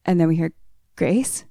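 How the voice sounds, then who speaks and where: A woman podcast co-host casually retelling a film plot, animated and swearing often. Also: sits low, normal speed, clear, resonant tone, dry recording, studio quality.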